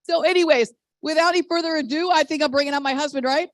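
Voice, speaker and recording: Middle-aged woman, highish voice, excitable storyteller on a dry close video call mic. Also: rapid-fire, dry recording. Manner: animated, exclamatory storytelling with laughs. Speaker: network marketing presenter. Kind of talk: testimonial on a team video call.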